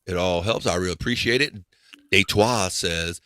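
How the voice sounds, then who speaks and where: A man's voice: low voice, moderate pace, bright, forceful tone, no room sound, clean studio sound. A man hosting a casual live podcast, rambling, laughing and muttering to himself as he reads chat. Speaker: podcast host.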